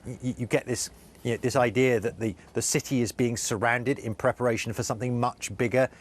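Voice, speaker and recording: A male correspondent reporting live in a news interview, earnest and halting with many restarts. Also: medium pitch, steady tone.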